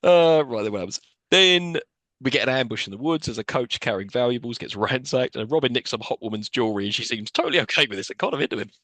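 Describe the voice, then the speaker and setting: Lively man recapping a film. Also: mid-range voice, fast, no echo. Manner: recaps scenes with quoted lines and laughter. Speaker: podcast co-host. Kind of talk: casual film recap chat.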